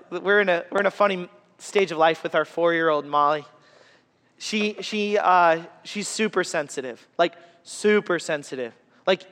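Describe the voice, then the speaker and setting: A man's voice: high-pitched, fairly bright tone. A man in his thirties preaching a sermon as a pastor, earnest and conversational, with personal stories and humor. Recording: echoey hall reverb.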